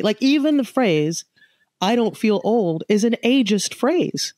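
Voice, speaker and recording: A woman's voice: on the high side, lively intonation, measured pace, darkish tone, dry recording, studio quality. A woman in her fifties, a guest author in a conversational interview, who talks animatedly and acts out quoted dialogue. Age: 50s.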